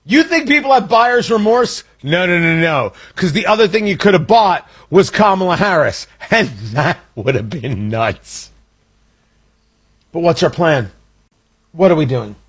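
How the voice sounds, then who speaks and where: Brief: male show host, husky and high-pitched, combative, swinging pitch in his political rants. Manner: emphatic, combative, ranting. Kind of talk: opinionated political commentary.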